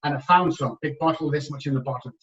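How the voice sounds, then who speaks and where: A man's voice: fairly high pitch, fast talker. Emphatic older man telling his story. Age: 60s. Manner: emphatic, swings between hushed and loud. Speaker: guest, recovery expert. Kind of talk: candid podcast storytelling. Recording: dull, distant podcast audio.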